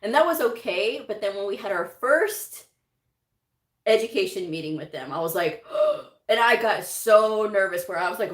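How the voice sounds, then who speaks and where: A woman's voice: medium pitch, lively intonation, moderate pace. A middle-aged woman hosting a casual storytelling livestream about medical coding, chatting, laughing often and acting out what others said. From United States. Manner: chatty, laughs often, acts out quotes in voices. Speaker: medical coding educator and channel host. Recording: echoey room.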